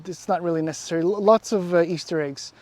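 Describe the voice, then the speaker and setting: A man's voice: fairly high pitch, fast talker, a little mellow. A man, casually walking around and reviewing a car outdoors, rambling and wry, often trailing off. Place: outdoors beside a parked car.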